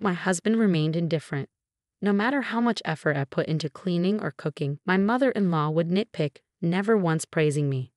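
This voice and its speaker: A woman in her forties narrating her own story in an even, measured first-person reading. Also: on the low side, no room sound, studio quality. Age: 40s.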